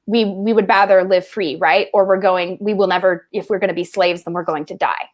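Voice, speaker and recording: A woman co-hosting a film discussion podcast, animated and joking, laughing often between earnest points. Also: medium pitch, brisk. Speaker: co-host.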